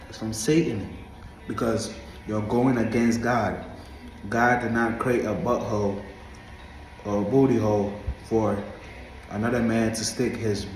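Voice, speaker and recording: A man's voice: medium pitch, darkish tone, reverberant, slight background noise, low-quality recording. A man from Africa talking to camera in a casual monologue, preachy and emphatic, repeating his points. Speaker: vlogger.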